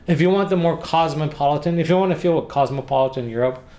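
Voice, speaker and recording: A man's voice: on the high side, quick pace, warm tone. An American man talking about his travel guidebook in a casual, rambling way, with sarcastic jokes and frequent restarts. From United States. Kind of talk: casual rambling vlog talk.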